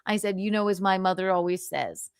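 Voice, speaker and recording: A woman livestream host telling a sassy, animated story in casual chat, laughing often. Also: mid-range voice, brisk, clear, resonant tone, no echo, clean studio sound.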